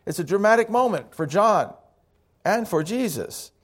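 A male pastor delivers a sermon with a relaxed, conversational manner. He slips in light joking asides, and his voice sits slightly high for a man. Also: moderate pace.

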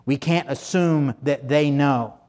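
A man's voice: a little high, takes it slowly, a little mellow. A man preaching a sermon in a conversational, folksy way, full of fillers and restarts. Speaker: pastor.

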